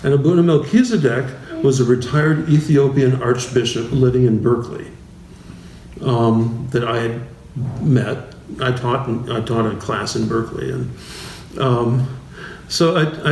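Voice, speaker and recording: Bishop, male, easygoing teaching talk, halting and slow, mic at a distance. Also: mid-range voice, a little mellow. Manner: slow, halting, many restarts and fillers, chuckles often. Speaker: bishop teaching a class series. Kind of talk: informal talk with anecdotes. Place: church. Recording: roomy church hall, voice from afar, faint noise.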